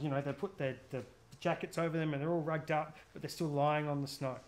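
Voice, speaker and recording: A man giving a chatty, jokey outdoor safety workshop, often quizzing his audience. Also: fairly high pitch. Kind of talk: live gear workshop talk.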